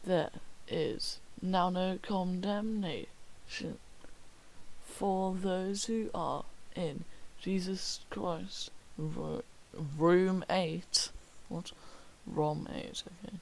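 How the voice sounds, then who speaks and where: Young male student streamer: unhurried delivery with a gravelly edge. He reads schoolwork aloud with dry, half-whispered jokes. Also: sits high, fairly even intonation, low-quality recording. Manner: wry, slips into whispered mock remarks. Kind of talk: reading homework aloud with joking asides.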